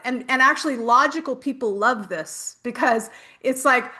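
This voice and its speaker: A woman's voice: high voice, steady tone, a little slow, sharp tone. A middle-aged woman hosting a spiritual workshop, telling chatty personal stories with casual swearing.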